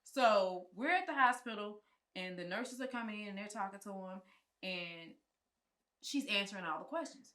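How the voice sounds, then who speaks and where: Speaking at a moderate pace in a medium-pitched voice, a film producer and writer shares a personal story as a chat show guest. Her delivery is animated, colloquial, and frank, with swearing and performed impressions of what others told her.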